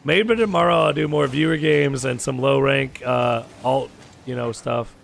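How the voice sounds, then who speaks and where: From his home gaming setup, a young male streamer chats casually with viewers, his voice hoarse and gravelly from a sore throat. He talks at a measured pace in a steady mid-range tone, swearing freely and calling people dude, with slight noise in the background.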